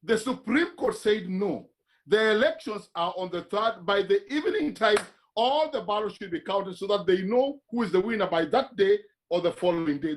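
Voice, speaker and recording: A man with a Kenyan accent, a guest on a church TV panel, making his points with emphatic, sermon-like exhortation. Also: high voice.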